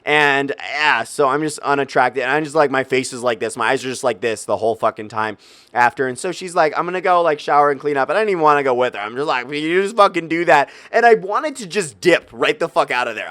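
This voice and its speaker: A young man vlogging a personal story in a profane, animated way, with loud exasperated outbursts. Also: mid-range voice, no echo. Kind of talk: storytelling vlog.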